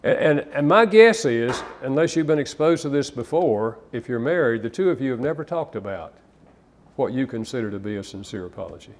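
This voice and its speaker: A man's voice: medium pitch, expressive, brisk, slight background noise. A man counselor giving a live seminar talk to an audience, conversational and anecdotal, with occasional restarts. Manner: conversational, storytelling, some repeated restarts.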